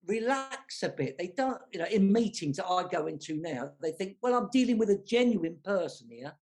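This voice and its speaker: London-accented panel guest, high voice, talks in a loose, frank ramble. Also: male voice, sing-song, normal speed, darkish tone. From south London. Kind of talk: casual panel discussion.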